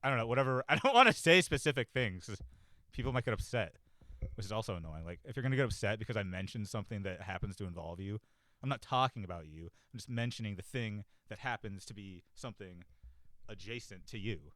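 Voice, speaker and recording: A man hosting a casual talk show, rambling and self-deprecating, swearing freely and filling every pause, on a cheap close mic. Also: on the low side, lively intonation, a bit bright, no echo. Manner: rambling, profane, self-deprecating, many fillers. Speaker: podcast host. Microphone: cheap desk mic, close.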